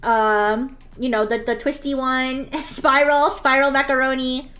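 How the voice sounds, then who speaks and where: A woman's voice: sits high, little pitch movement, measured pace, a bit bright. A woman streaming while she draws, chatting playfully with her viewers, giggling often and sometimes acting out a bratty daughter for laughs. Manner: acts out a bratty daughter in jest. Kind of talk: casual live-stream chat while drawing.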